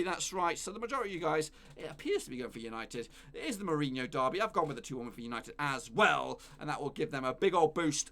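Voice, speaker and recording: A man's voice: fairly high pitch, fairly bright tone. A man hosting a football predictions stream, chatting casually and rambling, with mild swearing and self-corrections. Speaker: football prediction channel host.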